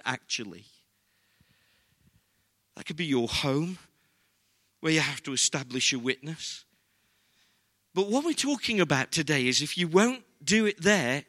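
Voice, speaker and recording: A man's voice: a little high, bright, forceful tone. An older man with an English accent, preaching a sermon as pastor in an earnest, conversational way.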